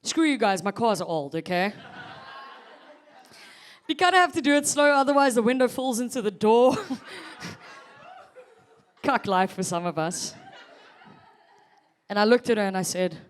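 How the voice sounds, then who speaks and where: A woman's voice: fairly high pitch, lively intonation, measured pace, long pauses, a little hiss or hum. A South African woman in her thirties performing a chatty stand-up set, teasing the audience. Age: 30s. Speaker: stand-up comedian.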